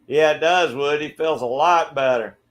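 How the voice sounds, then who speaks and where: A middle-aged man from Georgia with a Southern accent, hosting a relaxed livestream and greeting viewers by name. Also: a little high, moderate pace. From Georgia, USA. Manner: friendly, laid-back, greets viewers by name. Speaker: livestream host. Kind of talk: casual chat reading viewer comments. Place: backyard shed.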